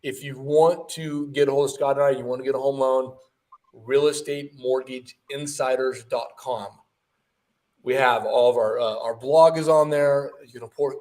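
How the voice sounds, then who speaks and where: A man's voice: medium pitch, a little mellow, far from the mic. A man co-hosting a casual livestream, chatty and enthusiastic as he talks about food and plugs his business. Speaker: mortgage lender and co-host.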